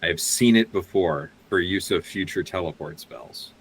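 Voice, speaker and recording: During casual talk at a tabletop game, a player with a low-pitched voice speaks at a measured pace, reasoning out loud and revising himself as he plans. The recording is poor, with a little hiss or hum.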